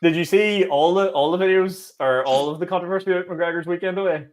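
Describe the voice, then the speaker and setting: Fast-talking Northern Irish man. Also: sits high. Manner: rapid storytelling, swearing, acting out quotes. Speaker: podcast co-host. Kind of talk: casual chat.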